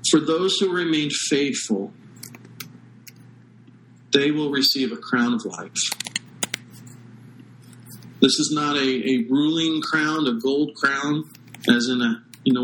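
Man, pastor, sermon, earnest, emphatic pauses, mid pitch. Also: fairly bright tone, a little hiss or hum, poor audio.

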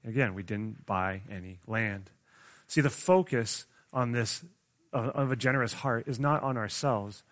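A young man delivering a sermon in an easygoing, chatty manner. His voice sits at an ordinary middle pitch. He keeps checking in with the congregation and fills his talk with "like". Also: a little slow, a bit bright. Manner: conversational, often asks the audience questions; restarts and stumbles often, says "like" a lot. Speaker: preacher.

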